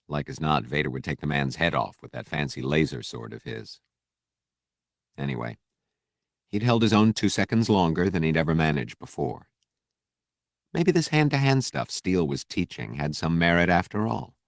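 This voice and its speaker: Deep-voiced man narrating an audiobook. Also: no echo. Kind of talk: scripted narration.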